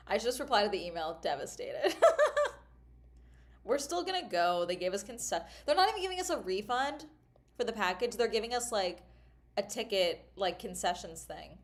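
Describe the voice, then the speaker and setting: A woman's voice: mid-range voice, animated, moderate pace. A woman chatting casually on a livestream in a rambling, exasperated way while checking her phone and laptop. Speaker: streamer. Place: at home at a laptop.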